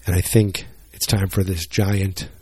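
Male vlogger, lowish voice, loose rambling delivery with self-mocking jokes. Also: little pitch movement, a little slow, darkish tone. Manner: rambling, joking, self-deprecating. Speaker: solo wrestling vlogger. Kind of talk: casual rambling chat.

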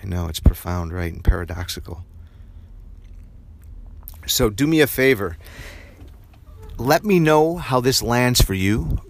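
A man's voice: medium pitch, animated, a little slow, pauses often, slight background noise. A man hosting a podcast, giving an earnest, reflective spiritual self-help tip. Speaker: podcast host.

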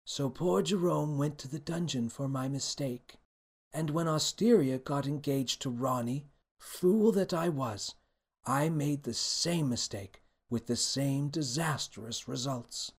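A man voicing a tearful, remorseful queen in a children's storybook reading, speaking softly and pleadingly. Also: medium pitch, slow pace, breathy edge, voice pushed up. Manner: soft, pleading, regretful.

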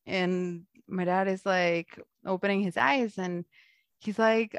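A young woman tells a story in casual chat, lively and quick to laugh, slipping into the voices of the people she quotes. Her voice sits at an ordinary middle pitch. The sound is dry and close, with no room around it. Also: clear, resonant tone, no echo. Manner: animated, laughs often, acts out quoted voices.

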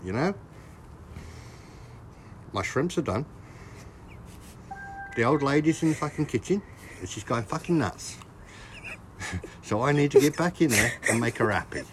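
A man putting on a brash, crude Australian man with a loud, blustery, swearing manner and an Australian accent. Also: mid-range voice, expressive, a little slow, pauses often, a little hiss or hum, voice pushed up, lightly acted. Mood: rowdy. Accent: Australian, put on.

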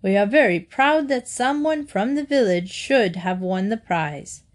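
A woman's voice: mid-range voice, animated, unhurried, lightly acted. Woman reading a proud mayor guy giving a formal little speech, storybook style. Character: proud French village mayor, grown man.

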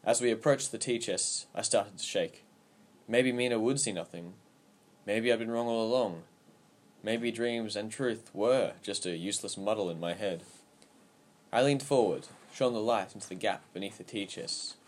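An audiobook narrator with a fairly low male voice reads a story aloud from a script. He stays steady and even, calm and measured line by line, keeping the telling plain and clear.

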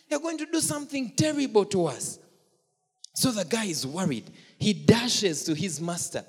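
A preacher giving a sermon in a husky voice that rises and falls with wide swings of pitch. The sermon is delivered with rhetorical questions and playful asides. A long reverb from the hall trails every phrase. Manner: animated, asks the congregation questions, jokes and laughs.

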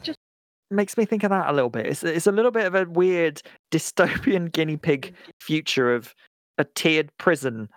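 A man's voice: fairly high pitch, normal speed, no echo, clean studio sound. A man co-hosting a comedy podcast, chatting casually, giggling often and rambling with repeated words. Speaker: podcast co-host.

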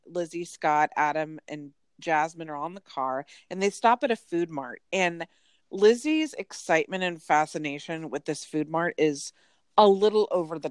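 A woman's voice: low voice, no echo, clean studio sound. Chatty woman recapping with lots of likes. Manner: animated storytelling with frequent "like" asides. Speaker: podcast co-host. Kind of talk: casual chat recapping a reality show.

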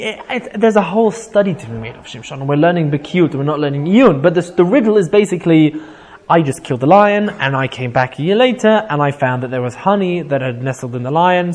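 A man with a fairly high voice teaches an informal Bible class. He retells the story with lively energy, reads out Hebrew verses and then paraphrases them in plain English. He keeps checking in with his listeners with a quick "right?".

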